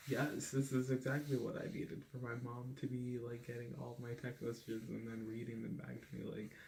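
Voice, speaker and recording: Brief: young guy, gravelly and flat, candid rambling storytime with faint room noise. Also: medium pitch, normal speed. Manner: rambling, heavy on "like" fillers, candid and profane. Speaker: vlogger. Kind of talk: casual storytime.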